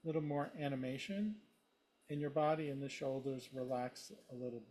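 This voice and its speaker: A man of middle pitch who gives a classmate feedback in an online class. He talks haltingly, stopping and restarting as he looks for the right words. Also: fairly even intonation, a little mellow. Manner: hesitant, searching for words. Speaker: class participant.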